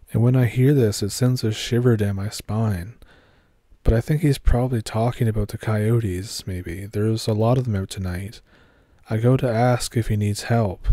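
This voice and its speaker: Low, mellow man narrating a horror story. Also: no room sound, clean studio sound.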